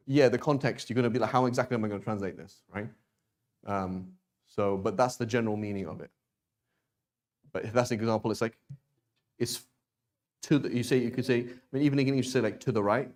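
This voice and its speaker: A man teaching a beginners' language class in an unhurried, conversational way. He restarts his sentences often and keeps checking in with the students. His pitch sits in the middle of the range. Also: a little mellow. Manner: explains with many restarts and "right?" checks. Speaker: Arabic teacher. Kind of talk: classroom lesson.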